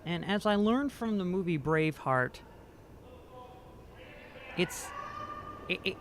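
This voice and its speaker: Over background noise at a curling rink, a man gives amateur commentary on a curling game in a high, animated voice. He takes it slowly with long pauses, joking, putting himself down, and tripping over the players' names.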